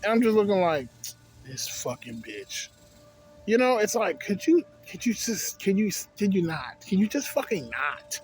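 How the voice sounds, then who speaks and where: A man's voice: high-pitched, expressive, normal speed, few pauses, faint music behind. A young man casually reviewing a vape on his vlog, rambling and swearing through digressions. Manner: profane, rambling, digressive storytelling.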